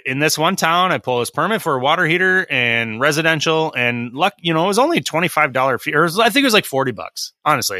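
A man's voice: mid-range voice, sharp tone, no room sound. Middle-aged guy ranting on a podcast, blunt, swears a lot, dry close mic. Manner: blunt, ranting, swears freely, acts out quoted exchanges. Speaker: podcast host, licensed tradesman. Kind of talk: casual podcast chat.

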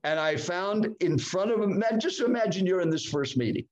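A man in his seventies, a guest in a podcast interview, telling a personal story with dramatic swings in pitch. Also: lively intonation, moderate pace. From United States. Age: 70s. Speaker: guest speaker.

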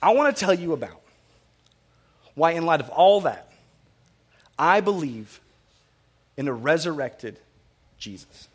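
Male pastor, higher-pitched voice, chatty sermon delivery, self-correcting and funny. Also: very animated, unhurried, long pauses, slightly rough. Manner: conversational, self-correcting and repetitive, with asides and humor.

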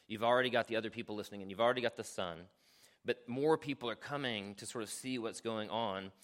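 Man, pastor, sermon, earnest, conversational, hushed asides, mid-pitched voice. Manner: earnest, conversational preaching with frequent "right?" asides.

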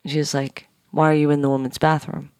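A woman guest telling a personal story on a podcast, animated and profane, acting out the people in it. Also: deep voice, brisk, smooth, dry recording, studio quality. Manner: animated, swears a lot, acts out dialogue. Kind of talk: casual storytelling.

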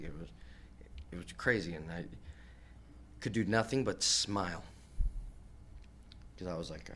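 A young professional fighter, a man, telling stories from his career in a casual podcast interview, animated and swearing, acting out the voices of the people he quotes. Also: deep voice, normal speed, long pauses, a little hiss or hum. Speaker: professional MMA fighter guest.

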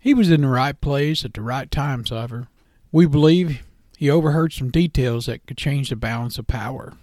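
A man voicing a shadowy, well-dressed male stranger who speaks low, hushed and sly. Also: moderate pace, no room sound, studio quality, natural voice.

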